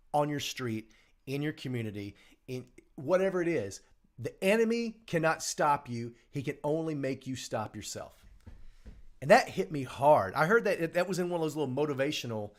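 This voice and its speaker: A middle-aged man hosting a live show, giving an earnest motivational talk and repeating his key lines for emphasis. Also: mid-range voice. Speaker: show host. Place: small home studio.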